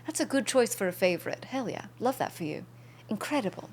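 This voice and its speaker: A woman's voice: mid-range voice, sing-song, a little fast, darkish tone, slight background noise. A young woman streaming a game, chatting casually and bubbly with viewers and thanking them by name.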